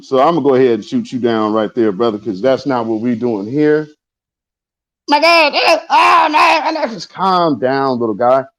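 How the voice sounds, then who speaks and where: A man hosting a casual audio chat, laid-back and emphatic as he moderates speakers. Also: mid-range voice. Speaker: host. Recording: dull lo-fi audio.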